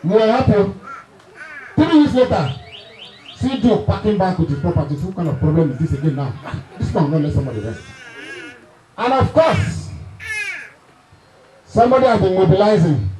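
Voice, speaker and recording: With a warm, high voice and big swings in pitch, this middle-aged Nigerian relative speaks at a moderate pace, pausing often, as he tells funny family stories at a reunion. He chuckles and ribs his audience, and the low-quality recording has slight background noise.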